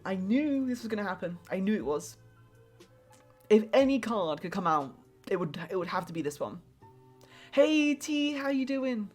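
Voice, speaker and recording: Woman streamer, lower register, rambling casual reading, soft music under her. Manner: rambling, heavy use of "like" and restarts; warm and affectionate toward viewers. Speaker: streamer doing tarot readings. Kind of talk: casual live-stream chat.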